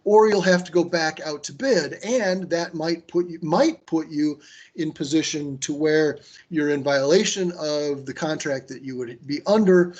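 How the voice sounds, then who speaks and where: A man with a slightly higher voice presents a training session over a video call. He talks in a loose, conversational way, full of fillers and restarts, and he gives firm advice. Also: a little slow, a little mellow.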